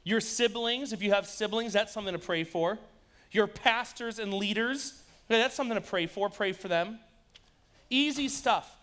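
Bright-voiced, high-pitched joking youth pastor. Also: male voice, moderate pace. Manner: joking, energetic, addresses the audience directly. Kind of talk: lively youth-group sermon.

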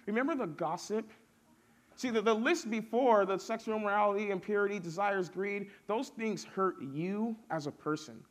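A young man preaching a casual youth sermon, telling stories and building lists with rising force. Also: high voice.

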